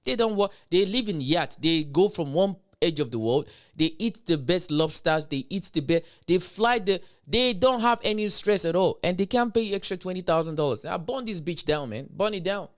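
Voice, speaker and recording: A man's voice: sits high, expressive, normal speed, few pauses. A man streaming live, hosting a blunt, profane commentary rant with emphatic delivery.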